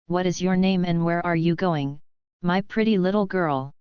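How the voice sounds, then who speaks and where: A woman's voice: lowish voice, normal speed, smooth, no room sound, lo-fi sound, natural voice. A woman reading the lines of a sly, falsely polite male wolf in a children's storybook.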